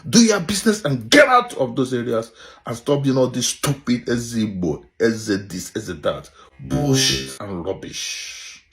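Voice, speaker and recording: A man delivering an angry, scolding rant, his voice jumping up and down in pitch. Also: sing-song, a little slow, soft background music. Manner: scolding, with sharp rises and drops in pitch. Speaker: commentator in a played clip.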